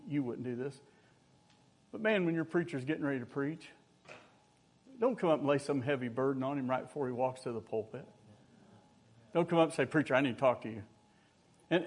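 An older man preaching from the pulpit, his voice sitting a little high for a man. He tells homespun stories with a light, joking touch, then lifts into earnest exhortation. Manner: folksy storytelling with humor and rising exhortation. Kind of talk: sermon.

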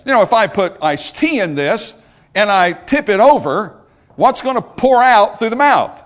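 Lively joking male preacher. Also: sits high, a little slow. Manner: lively, joking, asks the congregation questions. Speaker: pastor. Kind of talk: sermon.

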